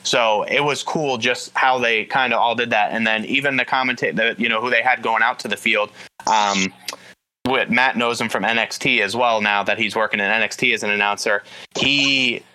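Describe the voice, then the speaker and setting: A man chatting casually about football, retelling events quickly with lots of quoted asides. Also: mid-range voice, smooth, poor audio. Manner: rapid, animated retelling with many "he's like" quotes. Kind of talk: casual sports chat.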